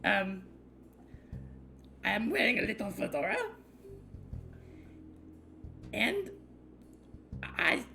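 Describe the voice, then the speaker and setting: A woman playing a tabletop game, describing her character hesitantly, with frequent pauses and giggles. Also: mid-range voice, big pitch swings, vocal fry, sharp tone, faint music behind. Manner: hesitant, giggly, many ums. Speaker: player.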